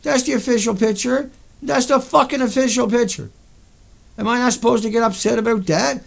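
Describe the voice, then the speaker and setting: Furious, high, gravelly man ranting. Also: a little fast. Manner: furious, profane ranting with sudden outbursts. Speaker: video host. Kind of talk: angry monologue over pictures.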